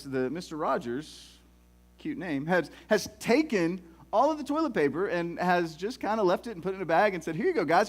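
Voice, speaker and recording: A middle-aged man, preaching a sermon in a folksy, animated storytelling way with many restarts. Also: high-pitched. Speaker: pastor.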